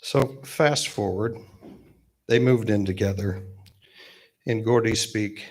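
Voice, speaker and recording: Slow, low-voiced man giving a eulogy. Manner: halting, pausing with fillers. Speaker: eulogy speaker, best man. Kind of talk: memorial eulogy with gentle humor. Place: memorial gathering.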